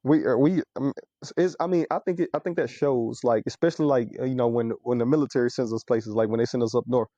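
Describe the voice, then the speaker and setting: A Mississippi man with a Southern accent, a guest on a podcast. He talks quickly in a mellow, warm tone, rambling and repeating himself as he goes. The audio is dry and somewhat dull. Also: mid-range voice, steady tone, no echo. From Mississippi, USA. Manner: rapid, rambling, repeats words. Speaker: podcast guest, military veteran. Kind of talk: casual podcast chat.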